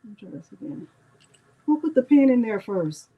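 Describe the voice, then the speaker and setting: Very animated and on the high side, this crafting channel host speaks at a moderate pace through narrow, tinny audio. The middle-aged woman chats casually with viewers, addressing them as y'all, poking fun at herself and muttering while she works.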